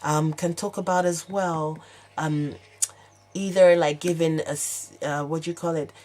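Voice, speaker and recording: A woman's voice: deep voice, fairly even intonation, measured pace, darkish tone. A woman giving an unscripted tarot reading, hesitant and searching, with many fillers and restarts. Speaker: tarot reader.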